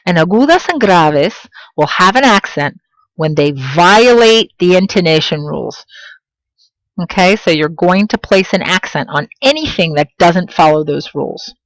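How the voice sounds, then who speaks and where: A woman teaching a video language lesson, pronouncing example words slowly and clearly and encouraging her students directly. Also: on the low side, expressive, no room sound, rough recording. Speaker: Spanish teacher.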